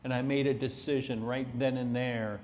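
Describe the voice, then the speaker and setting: A middle-aged man giving a motivational keynote, telling his story with dramatic swings from hushed to loud. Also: medium pitch, little pitch movement, moderate pace. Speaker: keynote speaker. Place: large conference hall. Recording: echoey hall.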